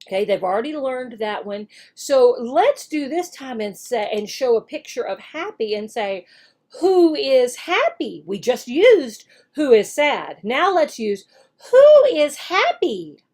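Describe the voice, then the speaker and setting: Woman teacher, high lively voice, slow, exaggerated modeling for young learners, upbeat praise. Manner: cheerful, encouraging praise. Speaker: online English teacher and recruiter. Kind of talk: demo lesson walkthrough for teachers.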